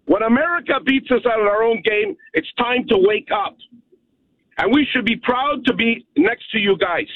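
A high-voiced man from Canada rants bluntly down a tinny phone line. He hammers his points home and keeps asking "okay?" The line sounds dry and close. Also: sing-song, normal speed, no echo. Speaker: caller. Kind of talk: phone-in rant. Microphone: telephone.

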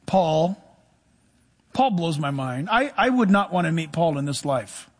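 A middle-aged male pastor preaching a sermon, animated, with sudden drops to soft, low asides. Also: a little slow.

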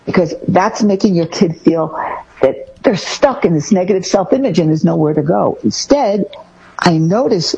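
A woman co-hosting a casual talk show, giving parenting advice in an animated way and acting out things parents say. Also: on the low side, moderate pace, vocal fry, husky, dull audio. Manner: animated, acts out parent phrases. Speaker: co-host giving parenting tips.

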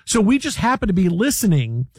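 A man hosting a talk radio show, bantering playfully with co-hosts, laughing often and slipping into quick impressions. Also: high-pitched, big pitch swings, darkish tone, husky, no echo, clean studio sound. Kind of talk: casual sports radio banter.

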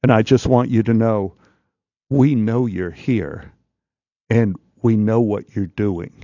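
A low, unhurried, quietly threatening man, reassuring on the surface and menacing underneath, as a storyteller puts him on. The voice sits deeper than the teller's own. The sound is dry and a little dull. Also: fairly even intonation, no room sound. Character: calm menacing male Klan leader, smiling threat.

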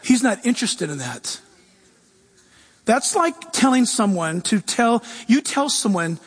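A man preaching a sermon as pastor, animated, swinging between loud emphasis and quiet asides. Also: very high-pitched, measured pace, pauses often, big-room sound.

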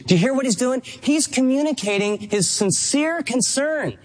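A man's voice: very high-pitched, animated, normal speed. A man preaching a sermon as pastor, earnest and emphatic, acting out quoted dialogue.

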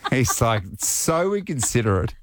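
A woman co-hosts a radio chat, chiming in with quick-witted jokes and laughter. Her voice swoops widely in pitch. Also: big pitch swings, slight background noise. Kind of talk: casual chat, banter.

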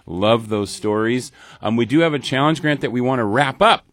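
A man hosting a local public radio pledge drive in the studio, chatting casually with a deep morning voice. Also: moderate pace. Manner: relaxed, chatty, with fillers. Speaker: radio host. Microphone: studio mic.

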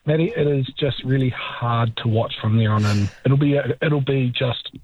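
A man's voice: mid-range voice, normal speed, narrow, tinny audio, crowd noise. A man calling in to a radio show, talking emphatically and with mock outrage. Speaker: radio caller. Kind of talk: phone-in chat.

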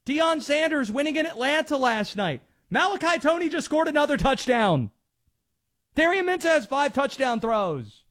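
Animated, high-pitched male sports radio host. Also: normal speed. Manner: animated, emphatic, mocking. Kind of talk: sports talk radio rant.

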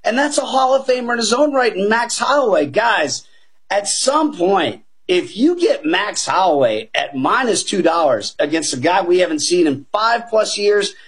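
A husky, high-pitched man runs through his fight picks at a moderate pace, full of punchy energy. Like a veteran betting analyst on a sports show, he keeps calling his panel "guys" and hammers his favorite points in lively talk-show banter.

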